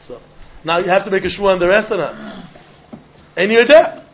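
Man, high-pitched, Talmud class lecture, animated, questioning, muffled lo-fi sound. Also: normal speed, a little hiss or hum. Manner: animated, questioning, mixing Yiddish and Hebrew terms. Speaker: Talmud teacher.

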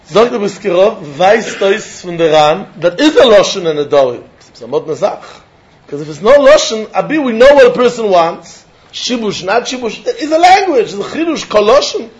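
High-voiced man giving a Talmud lecture. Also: moderate pace, lo-fi sound. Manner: lively, questioning, mixes English with Yiddish and Hebrew terms. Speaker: Talmud teacher.

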